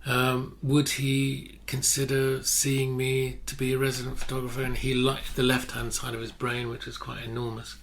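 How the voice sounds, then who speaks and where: An older man, a photographer telling stories in a relaxed interview, often restarting his sentences. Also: medium pitch, normal speed, few pauses, slight background noise. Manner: anecdotal, self-correcting, many restarts. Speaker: guest photographer. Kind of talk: casual interview chat.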